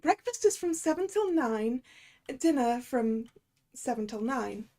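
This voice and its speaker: A woman plays a young woman behind a game's hotel desk, prim, brisk and polite. Her voice sits lifted and high, with a gravelly edge. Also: expressive, dark tone. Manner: polite, businesslike.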